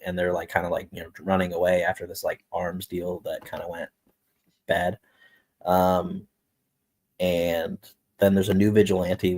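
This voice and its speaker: A man's voice: deep voice, a little mellow, no room sound. A man who is a guest comic writer, chatting casually and hesitantly with many fillers. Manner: hesitant, many ums and likes. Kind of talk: casual chat.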